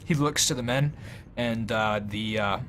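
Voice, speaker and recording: A man's voice: mid-range voice, unhurried, fairly bright tone, slight background noise. A man narrating as dungeon master in a casual, filler-heavy way. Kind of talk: narrating a tabletop game.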